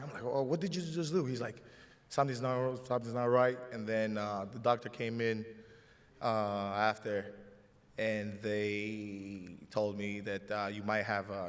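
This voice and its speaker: Greek-accented man in an echoing hall. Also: lowish voice. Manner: halting, restarts often, emotional storytelling. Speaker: host. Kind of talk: live stage show conversation. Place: large hall before a live audience. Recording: long hall reverb.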